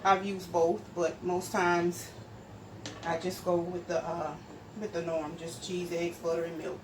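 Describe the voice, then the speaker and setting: A woman talks her viewers through a home recipe in a relaxed, chatty way, explaining each step as she stirs and measures. Her voice sits a little low, and a steady noise runs clearly under the recording from her home kitchen. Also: measured pace. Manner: explains steps while stirring and measuring. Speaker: home cook and channel host. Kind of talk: casual cooking demonstration.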